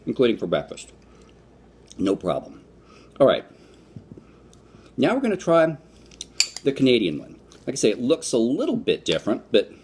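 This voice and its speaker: A man's voice: fairly low pitch, a little mellow, a little hiss or hum. A man from the United States giving a casual, rambling food review vlog, with fillers and restarts. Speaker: vlogger.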